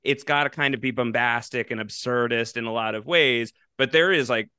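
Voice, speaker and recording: A man's voice: medium pitch, normal speed, pushed and bright, clear, resonant tone, dry recording, studio quality. A man co-hosting a podcast, asking long, rambling, thoughtful questions with many fillers. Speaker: podcast co-host. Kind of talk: casual podcast interview.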